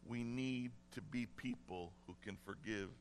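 A man's voice: mid-range voice, a little slow, a little hiss or hum. A man preaching a sermon in an earnest way, repeating key phrases for emphasis. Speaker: pastor.

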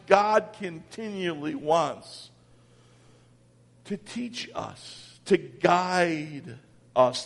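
Slow, high-voiced preacher in a hall. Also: male voice. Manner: dramatic swings from loud calls to near-whispers. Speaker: pastor. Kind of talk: sermon.

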